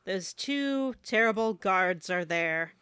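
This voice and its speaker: A woman with a mid-pitched voice, recapping game scenes playfully and pausing on fillers as she goes. She sounds dry and close to the mic. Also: animated, a bit bright, smooth, no echo. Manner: playful storyteller, hesitant fillers. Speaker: podcast co-host. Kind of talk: casual recap of a video game.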